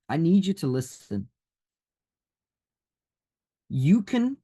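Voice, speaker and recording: A husky, slightly high-pitched man speaks over a video call. He presses his points hard and comes back to the same warnings again and again, like a motivational speaker on a group webinar. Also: dark tone. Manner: insistent and emphatic, repeats warnings. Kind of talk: urgent motivational talk.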